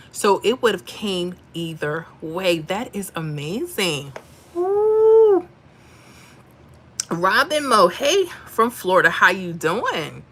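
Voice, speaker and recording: A woman's voice: mid-range voice, bright, forceful tone. A woman hosting a casual livestream, chatting animatedly and reading out viewer comments and lottery numbers. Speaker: livestream host.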